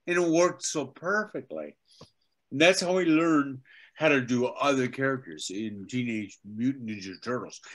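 An older man, a veteran voice actor and teacher, telling animated anecdotes as an interview guest. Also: medium pitch. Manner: animated anecdotes, acts out quotes. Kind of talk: casual interview storytelling.

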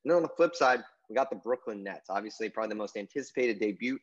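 Man, sports podcast co-host, rapid casual chat, rambling with fillers, dull lo-fi recording. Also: on the low side, animated. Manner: rambling, heavy on "I mean" and "you know" fillers.

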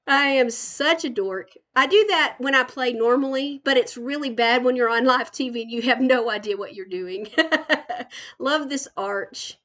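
An older woman, a grandmother, chatting warmly as she tours a game island live, gushing and giggling. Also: on the high side, normal speed. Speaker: gaming channel host. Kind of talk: casual live game tour commentary.

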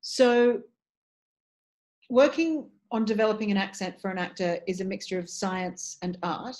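A woman's voice: mid-range voice, moderate pace. A woman, a voice and dialect coach, speaking articulately and with energy in an interview. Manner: articulate, animated, restarts phrases. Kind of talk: interview conversation.

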